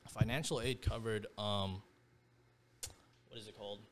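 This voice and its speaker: A man's voice: fairly low pitch, fairly even intonation, normal speed. A man in his twenties, a podcast guest, telling a personal story in casual slang, leaning on "bro" and "like".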